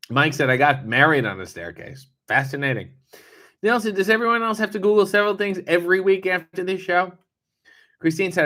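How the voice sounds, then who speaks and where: A man's voice: fairly high pitch, sharp tone. A man hosting a casual livestream, reading viewer comments aloud and answering them with wry, sarcastic asides and casual swearing. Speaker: livestream host reading chat. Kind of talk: casual live chat.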